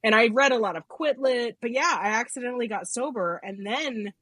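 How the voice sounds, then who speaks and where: Husky-voiced woman podcast co-host. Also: a little high, lively intonation, a bit bright, dry recording. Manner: halting restarts, laughs often, self-deprecating. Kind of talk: casual conversation.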